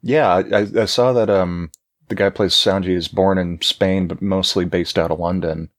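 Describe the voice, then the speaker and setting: A man's voice: sits low, fairly even intonation, moderate pace, no echo, clean studio sound. A man co-hosting a casual podcast, thoughtful and hedging, with many fillers. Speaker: podcast co-host. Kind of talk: casual chat.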